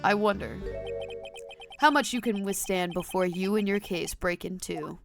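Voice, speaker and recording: A woman voicing a masked older male prosecutor, smug and brooding, reading his lines slowly and theatrically for a game. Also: mid-range voice, faint music behind, natural voice.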